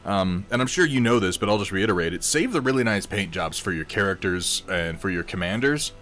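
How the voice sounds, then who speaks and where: A man's voice: sits low, lively intonation, fairly quick, a bit bright, faint music behind. Wry, rambling man on a livestream. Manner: rambling, wry, eats while talking. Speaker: livestream host painting miniatures. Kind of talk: casual livestream chat with viewers.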